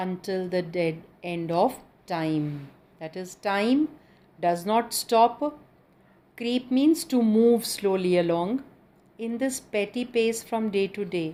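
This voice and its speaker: A woman lecturer with an Indian English accent speaks at an unhurried, measured pace. She explains a classic text line by line, reading each quotation and then putting it into plain words. Her voice sits at a middle pitch for a woman. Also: mellow. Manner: slow, explanatory, quotes lines and then paraphrases them. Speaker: college lecturer. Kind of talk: recorded literature lecture.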